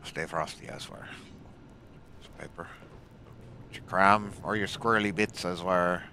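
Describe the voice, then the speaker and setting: A man with a very deep voice gives casual commentary over his gameplay. He grumbles as he goes, growling "arr" and tacking "I swear" onto his remarks. Steady background noise sits under the recording. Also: unhurried. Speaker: gaming channel host.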